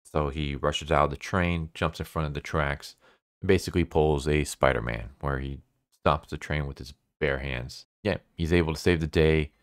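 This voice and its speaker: Man with a very low, smooth voice, recorded dry and close, casually recapping a manga plot. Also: fairly even intonation, normal speed, no echo. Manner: laid-back, chatty, full of "like" and "basically". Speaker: manga reviewer.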